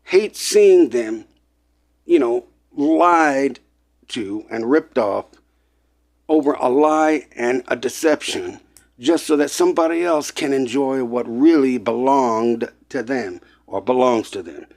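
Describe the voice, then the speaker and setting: A man's voice: medium pitch, a little slow, a little mellow. Emphatic man ranting to listeners. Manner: emphatic, repetitive, gets worked up; lecturing, addresses listeners as people. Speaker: online presenter. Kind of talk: impassioned monologue.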